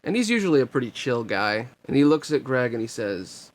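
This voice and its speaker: A man narrating as game master in a casual, relaxed way. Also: mid-range voice, brisk, few pauses.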